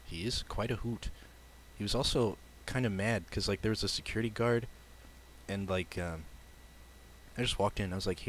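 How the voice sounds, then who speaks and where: A man's voice: lowish voice, fairly even intonation, fairly bright tone, a little hiss or hum. Giggly young man telling a story. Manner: giggly, halting, lots of fillers. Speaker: streamer. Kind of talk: casual storytelling on a stream.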